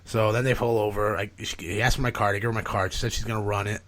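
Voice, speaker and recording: A man's voice: on the low side, fast talker. A man, a podcast guest, telling a long, rambling story in casual chat, swearing freely and filling gaps with "like" and "you know". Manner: profane, rambling, animated retelling with filler words.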